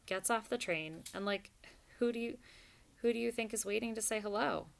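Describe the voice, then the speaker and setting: A woman's voice: mid-range voice, normal speed, gravelly, pitched above the performer's own voice, close to an everyday voice. A woman voicing a hip young female skater mouse who talks in breezy slang. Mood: chatty.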